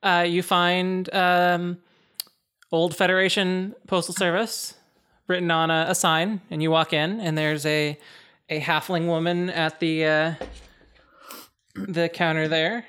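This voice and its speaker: A woman's voice: on the low side, flat delivery, takes it slowly, fairly bright tone, clean tone. A woman narrating as game master of a tabletop game, easygoing with frequent ums.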